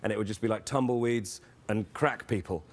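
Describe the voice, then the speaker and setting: A man's voice: fairly low pitch, brisk, heavy background noise. A man, a guest on a talk show, telling self-deprecating jokes and anecdotes. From England. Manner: self-deprecating, jokey storyteller. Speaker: actor guest. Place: TV studio with live audience.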